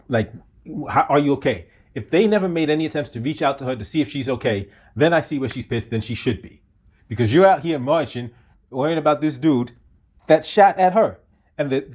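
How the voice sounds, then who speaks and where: A man delivering opinion commentary at a mid pitch for a man. He fires off rhetorical questions and repeats them over and over, and his tone turns heated as he argues. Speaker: commentary channel host.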